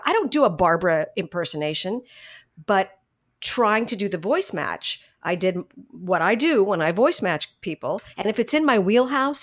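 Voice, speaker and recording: A middle-aged woman, a voice actress, telling stories from her career in a casual interview, animated, laughing often and restarting her sentences. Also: medium pitch. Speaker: voice actress guest.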